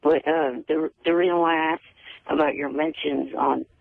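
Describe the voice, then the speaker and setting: A man calling in to a radio show. He talks haltingly, repeating words as he goes. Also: a little high, fairly even intonation, gravelly, no echo. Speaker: caller. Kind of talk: phone-in radio chat. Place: on a phone call. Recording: tinny phone line.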